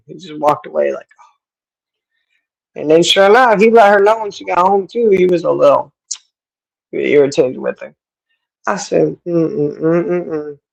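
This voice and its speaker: Hosting a livestream, a middle-aged woman chats informally and laughs a lot while responding to viewers on a streaming mic. Her fairly low voice is creaky, her speed normal, and the audio low in quality.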